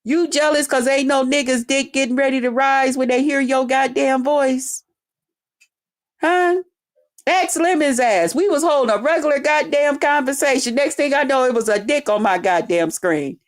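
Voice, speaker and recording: High-voiced woman vlogger going off, brash, cussing nonstop. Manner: brash, trash-talking, swears constantly. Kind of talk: profane ranting monologue.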